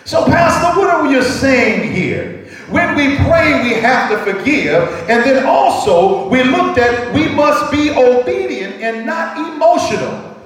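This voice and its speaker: A man preaching a sermon as pastor, quizzing the congregation with call-and-response questions, sometimes sing-song and sometimes shouting. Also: very high voice, very animated, a little slow. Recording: very echoey hall, voice from far off.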